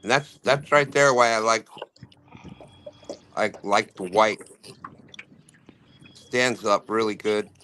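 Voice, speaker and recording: A man's voice: fairly low pitch, takes it slowly, pauses often, bright, forceful tone, slight background noise. A middle-aged man hosting a live fishing stream, chatting casually, laughing often and rambling through stories. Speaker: livestream fishing host.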